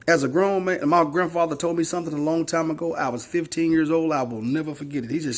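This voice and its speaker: A man's voice: a little high, steady tone, fast, few pauses. A man in his forties giving a blunt, preachy opinion monologue, repeating his points for emphasis and swearing freely. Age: 40s. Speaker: social media commentator.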